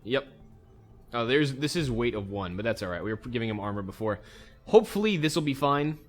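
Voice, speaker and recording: A man's voice: mid-range voice, fairly quick, faint music behind. Easygoing man narrating his gameplay. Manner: easygoing, thinks aloud while playing. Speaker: let's play host. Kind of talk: casual gameplay commentary.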